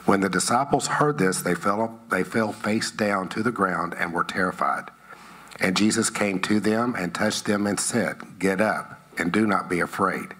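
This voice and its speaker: A man reading a Bible passage aloud in church, measured and phrase by phrase. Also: low voice, a bit bright. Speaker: scripture reader. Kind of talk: scripture reading.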